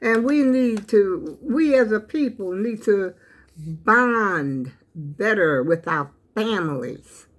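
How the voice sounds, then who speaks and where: A woman's voice: mid-range voice, expressive, slow. An older woman, hosting her own channel and giving an emotional, preachy talk that speaks straight to her viewers. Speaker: channel host. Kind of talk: heartfelt talk to camera.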